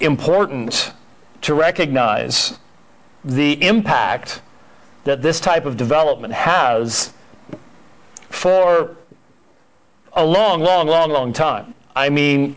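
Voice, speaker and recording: A man teaching a Sunday school church history class in an emphatic, conversational way, often repeating words. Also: on the high side.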